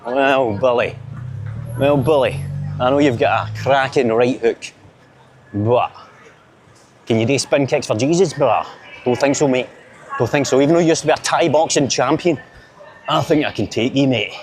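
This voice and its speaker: A man's voice: medium pitch, moderate pace, pauses often, slight background noise. Joking Glaswegian man vlogging a street walk. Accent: Glaswegian Scottish. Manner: chatty, joking, rambling banter. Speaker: vlogger filming a city walk. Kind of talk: casual walking vlog to camera. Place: outdoors on busy city streets.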